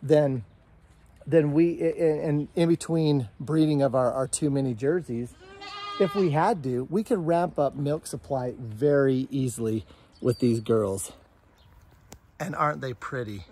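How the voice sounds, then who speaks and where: A man's voice: mid-range voice, measured pace, mellow, slight background noise. A middle-aged man talking casually and earnestly to camera outdoors on his farm, rambling with many restarts. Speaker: homesteader vlogger. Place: outdoors on a farm, goat pen and orchard.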